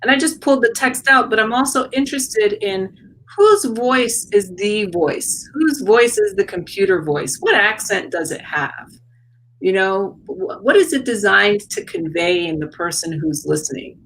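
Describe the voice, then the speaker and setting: A woman who is an artist and educator, talking as an interview guest in a reflective, searching way with many pauses and repeats. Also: on the high side, big pitch swings, gravelly, fairly bright tone, slight background noise, low-quality recording. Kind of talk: casual interview talk. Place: South Florida.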